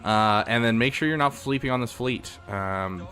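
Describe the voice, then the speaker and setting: A man's voice: medium pitch, normal speed, sharp tone, soft background music. A man casually commenting on a live stream, thinking aloud with frequent fillers. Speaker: streamer reviewing game accounts.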